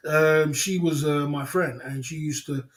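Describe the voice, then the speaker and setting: A man's voice: fairly high pitch, steady tone, unhurried. A man hosting a livestream, telling rambling stories with many repeats and laughs. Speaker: livestream host. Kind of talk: casual storytelling.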